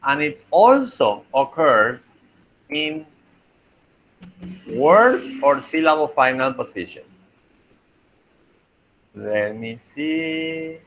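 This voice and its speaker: A man teaching a linguistics class, talking slowly and thinking aloud as he works through examples. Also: a little high, very animated, a bit bright, low-quality recording. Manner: slow, thinking aloud while writing, frequent "okay" and "let me see". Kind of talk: online class lecture.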